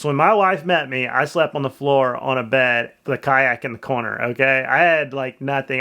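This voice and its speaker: A middle-aged man talks casually to his viewers, sharing strong opinions and asking for their thoughts. His voice sits a little on the high side for a man. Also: bright, forceful tone, smooth. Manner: chatty, opinionated, asks viewers questions. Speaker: vlogger and real estate agent. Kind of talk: casual commentary vlog.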